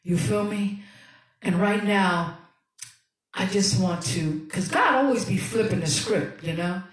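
A woman's voice: mid-range voice, unhurried. A woman pastor hosting a livestreamed sermon, soulful and encouraging, calling out to her viewers in street-slang church talk. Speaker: pastor and host of a livestream ministry. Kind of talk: livestreamed sermon and music ministry. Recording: echoey room, voice from a distance, music playing. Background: music playing.

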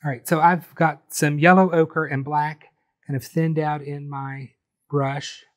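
A man calmly talking through a step-by-step painting tutorial, explaining each brushstroke as he goes. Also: on the high side. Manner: friendly, unhurried, explains each brushstroke as he works. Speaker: painting instructor.

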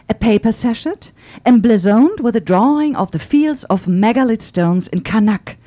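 Woman author, book talk and reading, lively melody, middle pitch, searching for words. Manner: animated, searching for words with fillers.

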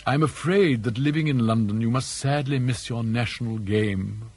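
A man with a husky, darkish mid-range voice plays an elderly English father, recorded with no room sound. The character is dry, mischievous and mock-courteous, teasing in an arch, ironic way with drawn-out emphasis.

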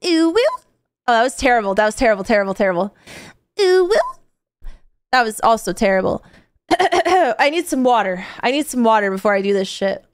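A woman streamer with a sore throat, chatting excitedly and laughing during a live stream. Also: a little high, fast. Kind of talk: casual live-stream commentary.

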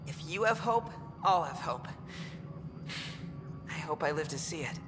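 A gentle, hopeful colonist with an earnest way of asking. Her game audio carries long reverb and clear music beneath. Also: deep voice, lively intonation, measured pace.

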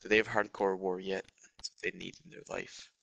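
A man's voice: deep voice, flat delivery, a little fast, gravelly, a bit bright, no room sound. A young man chatting casually with a friend during a game stream, grumbling and gossiping. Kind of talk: casual chat.

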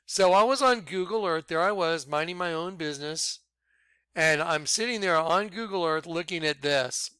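A man giving an excitable, rambling personal testimony about his ministry, bursting into shouts. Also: a little high, moderate pace, clean tone, dry recording. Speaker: ministry leader.

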